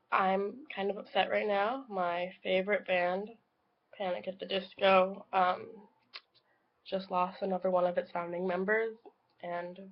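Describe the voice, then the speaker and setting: A woman's voice: medium pitch, lo-fi sound. A young woman, a student, talking through a casual video log with a sick voice, hesitant and full of ums. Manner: hesitant, many ums, soft trailing phrases.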